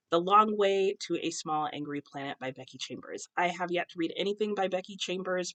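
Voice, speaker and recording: A young American woman chatting casually to camera about books at home, with many ums and self-corrections. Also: on the low side. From United States. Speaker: booktuber. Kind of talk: casual book chat to camera. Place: home, husband cooking nearby.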